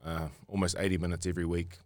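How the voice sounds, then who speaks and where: Deep-voiced New Zealand man, rambling. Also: flat delivery, fast, a little mellow, no room sound. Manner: rambling, repeats and restarts words often. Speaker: rugby player guest. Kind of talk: casual storytelling interview.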